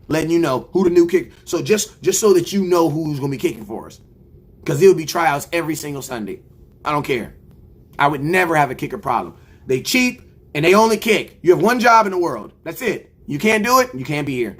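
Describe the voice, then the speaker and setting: A young man on a livestream, ranting about football in a loose, slangy way. His voice sits a touch high for a man. He keeps slipping into little acted-out conversations. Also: breathy edge. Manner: animated, slangy, acts out imagined conversations. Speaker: sports reaction streamer. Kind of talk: casual fan rant.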